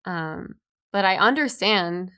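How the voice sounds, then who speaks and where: A woman's voice: fairly low pitch, animated, takes it slowly, pushed and bright, smooth. A woman in her thirties co-hosting a podcast, chatting casually and telling stories with many restarts. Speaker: podcast co-host. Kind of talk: casual chat.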